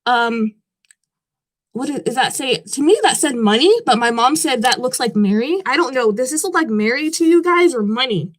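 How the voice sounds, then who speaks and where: A woman's voice: sits high, moderate pace. A young woman vlogger chatting casually and rambling, swearing often and sounding a bit skeptical. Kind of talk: casual chat.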